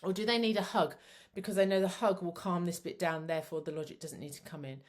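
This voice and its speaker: A woman's voice: lowish voice, fairly even intonation, fast. A middle-aged woman, a psychotherapist giving a chatty, rambling talk that teaches parents. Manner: chatty, rambling, self-described waffler.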